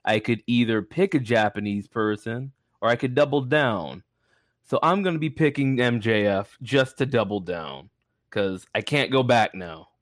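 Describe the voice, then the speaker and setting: A man's voice: mid-range voice, lively intonation, moderate pace, dry recording, studio quality. Wry man on a podcast call. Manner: wry, self-mocking jokes. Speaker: podcast panelist. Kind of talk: casual podcast chat. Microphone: own mic on a voice call.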